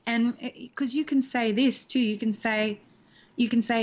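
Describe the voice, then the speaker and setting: A woman's voice: on the high side, steady tone, normal speed, muffled recording. A woman in her sixties, an actress, being interviewed over a video call from home and talking expressively about acting, acting out lines as she explains. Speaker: actress and guest. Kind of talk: animated interview talk.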